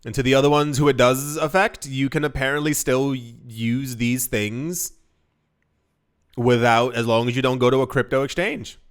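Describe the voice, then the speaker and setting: A man's voice: medium pitch, fairly even intonation, normal speed. A young man giving casual commentary to camera, rambling with many restarts and incredulous asides. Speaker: crypto commentator.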